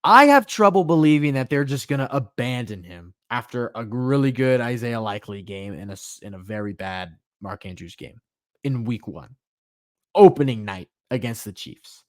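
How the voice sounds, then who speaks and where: Animated young man hosting a podcast. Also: mid-range voice, normal speed, dry recording, studio quality. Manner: animated, emphatic questions, self-correcting asides. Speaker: podcast host. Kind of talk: solo sports podcast talk.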